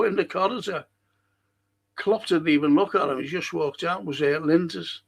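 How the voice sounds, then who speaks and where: A man with a somewhat high, gravelly voice hosts a casual live-stream podcast. He talks bluntly and swears freely, and he reads viewer comments aloud between his own rants. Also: sharp tone. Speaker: podcast host.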